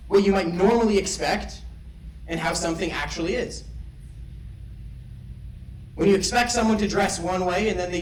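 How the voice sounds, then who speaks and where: A man's voice: sits high, a little mellow. Young man giving a playful graduation speech. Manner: playful, wry, reflective. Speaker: valedictorian speaker. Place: large ceremony hall. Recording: roomy hall sound from a distant mic.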